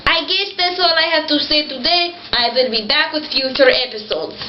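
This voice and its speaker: A woman's voice: high voice, normal speed, close to an everyday voice. A woman voicing a blunt, insulting male cow puppet in a homemade comedy skit. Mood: rude. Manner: blunt, insulting, deadpan boasting. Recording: roomy, dull, noisy home recording.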